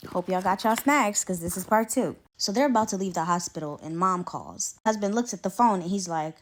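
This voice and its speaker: A woman tells a scary story as if talking to friends. She is chatty and informal, acting out the dialogue as she goes. Her pitch sits in an ordinary middle range. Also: fairly quick. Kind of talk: casual scary story time.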